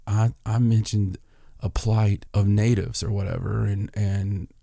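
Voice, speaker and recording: A man's voice: fairly low pitch, flat delivery, measured pace, gravelly, mellow, no echo, clean studio sound. A man hosting a podcast, casually telling a story and acting out both sides of an argument. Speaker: podcast host.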